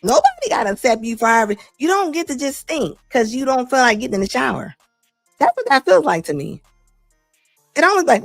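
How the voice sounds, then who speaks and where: A middle-aged woman hosting a talk show, giving blunt, animated opinion commentary and laughing often. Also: sits high, fairly quick, gravelly, dry recording, studio quality, faint music behind. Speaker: host.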